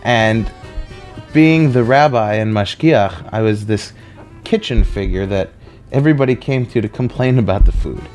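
A comedian telling a personal story in a conversational, self-deprecating way. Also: male voice, on the low side, moderate pace, darkish tone, soft background music.

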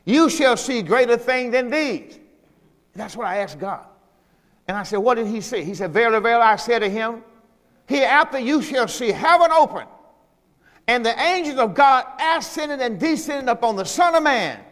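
A man's voice: very high voice, expressive, moderate pace, a bit bright, long reverb tail. A middle-aged man preaching a sermon as pastor, reading scripture aloud and calling out to the congregation. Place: church sanctuary.

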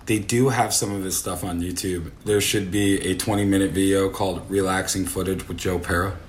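A man's voice: low voice, fairly even intonation, a little fast, slight background noise. An American man from the Upper Midwest, co-hosting a casual chat in a rambling, laid-back way. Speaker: podcast co-host.

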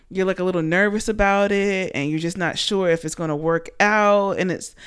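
A Panamanian woman in her late twenties hosts a podcast, her fairly low, smooth voice rambling along casually and animatedly, full of filler words.

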